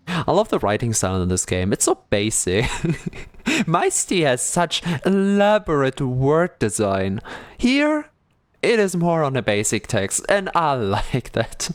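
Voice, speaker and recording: A streamer playing a visual novel live, chatting and musing aloud about the story, giggling often and sometimes breaking into high excited squeals. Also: slow. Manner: bursts into high excited squeals when greeting; reads game narration in a soft, low, dreamy tone. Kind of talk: live-stream gameplay commentary.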